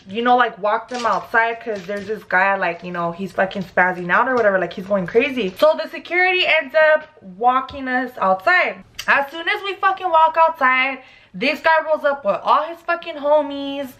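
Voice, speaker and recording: A young woman vlogger telling a story casually while doing her makeup, animated and profane, with constant "like" fillers. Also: high voice. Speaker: beauty vlogger.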